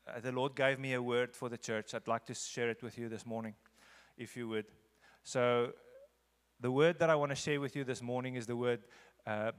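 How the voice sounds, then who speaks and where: A man addresses a church congregation as a visiting speaker. His voice sits at an ordinary middle pitch and he talks earnestly, repeating phrases to drive them home. The sound rings with the long reverb of a big sanctuary. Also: fairly bright tone, clear, resonant tone. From South Africa. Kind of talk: conversational church talk leading into a sermon. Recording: echoey church hall.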